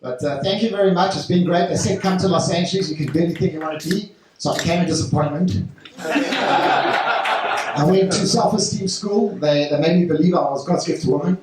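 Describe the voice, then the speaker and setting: A man doing a stand-up set on a club stage, talking haltingly with lots of fillers. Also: a little high, noisy background. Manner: halting delivery with many fillers. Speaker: stand-up comedian. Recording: echoey club from a distant mic.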